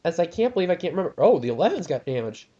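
A young man doing casual commentary on a sim race, rambling with many ums and getting excited at crashes. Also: a little high, rapid-fire, slightly rough, highs cut off. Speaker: lead commentator of a sim racing league.

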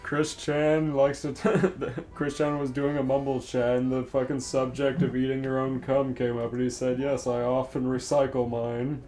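A man's voice: mid-range voice, little pitch movement, moderate pace, hardly any pauses, a little mellow. A man co-hosting a comedy podcast, chatting casually and irreverently, often laughing. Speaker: podcast co-host.

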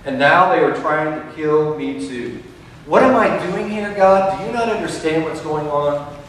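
A man's voice: on the high side, animated, unhurried, a little hiss or hum. A man voicing a weary, self-pitying male prophet who pleads with God in a complaining, repetitive way. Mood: pleading. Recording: echoey hall from far off.

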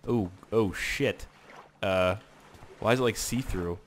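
A man giving casual gameplay commentary, talking to himself in a profane, excitable, rambling way. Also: on the low side, slow pace, slight background noise. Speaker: gaming YouTuber.

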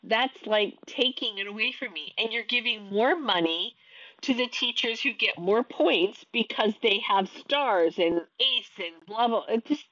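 A woman's voice: a little high, unhurried, fairly bright tone, no echo, lo-fi sound. A woman in her thirties, an online teacher, venting her frustration in a casual talk to camera, often restarting her sentences.

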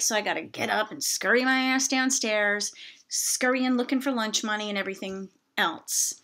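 A woman's voice: a little high, moderate pace, bright, forceful tone. A middle-aged woman ranting casually to camera, chatty and exasperated, with self-mocking asides. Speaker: vlogger.

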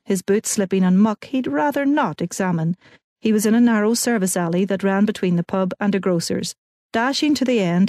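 A woman narrating an audiobook in even, clear storytelling. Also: mid-range voice, no echo, studio quality. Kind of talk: scripted narration.

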